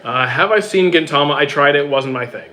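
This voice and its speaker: Quick, bright-voiced young man streamer. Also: on the high side, slight background noise. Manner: quick, reads questions aloud then answers briefly. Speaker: streamer answering chat. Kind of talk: casual live-stream chat.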